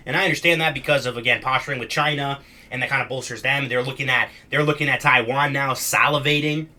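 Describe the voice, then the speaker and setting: A man's voice: medium pitch, steady tone, fast talker, pushed and bright. A young man giving blunt, slangy political commentary as he reacts to video clips.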